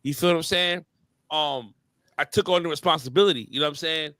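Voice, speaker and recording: Bright-voiced animated storytelling man. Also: a little high, a little fast, no echo. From New York area. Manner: animated storyteller, heavy slang and fillers. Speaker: podcast host. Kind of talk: casual chat.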